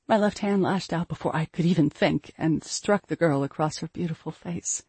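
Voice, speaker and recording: Female narrator, first-person fantasy, breathy and measured, dry. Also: fairly low pitch, no echo. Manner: measured, steady storytelling. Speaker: audiobook narrator.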